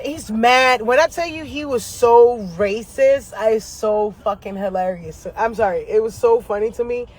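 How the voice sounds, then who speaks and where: A man's voice: extremely high pitch, moderate pace, few pauses. A man chatting casually to camera from his car, telling stories in a profane, slangy way and laughing often. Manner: animated, profane, slangy storytelling; laughs often between lines. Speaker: astrology vlogger. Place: inside a parked car.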